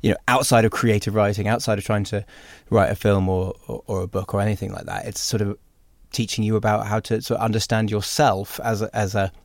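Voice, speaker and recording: A man's voice: fairly low pitch, level tone, brisk, hardly any pauses, no room sound. A man interviewing an author, hesitant and hedging as he talks. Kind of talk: conversational interview.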